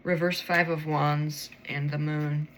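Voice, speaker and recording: Sleepy woman vlogging a late-night tarot pull, crisp bright voice with vocal fry, talks to herself and curses a lot. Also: low voice, level tone, takes it slowly, a little hiss or hum. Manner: rambling, swears freely, talks to herself. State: tired, yawning. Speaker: tarot reader.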